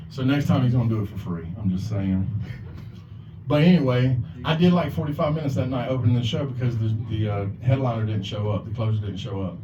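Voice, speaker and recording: In a brisk, medium-pitched voice, this open mic host delivers a meandering, foul-mouthed stand-up routine, mimicking the people in his stories. He's on a bar or club stage, and the far-off, echoey, lo-fi audio has background noise.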